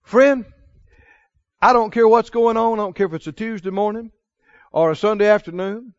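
Pastor guy preaching, real high voice, asks the crowd stuff and gets them repeating, dull muffled audio. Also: moderate pace, no room sound. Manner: preaching with call-and-response questions to the congregation. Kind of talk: sermon.

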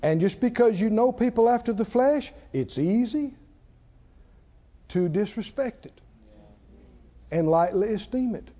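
An older man preaching with a high voice that swoops up and down. His tone is mellow and warm. He tells stories, laughs often and calls out for the congregation to respond, all on a dull, lo-fi church recording. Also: lively intonation, a little slow, long pauses. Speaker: pastor. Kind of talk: sermon.

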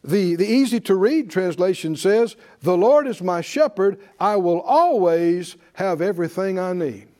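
High-voiced preacher guy, swoops all over, slow and punchy, keeps asking the crowd questions. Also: expressive, warm tone. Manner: call-and-response preaching, emphatic repetition. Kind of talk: sermon. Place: church with congregation.

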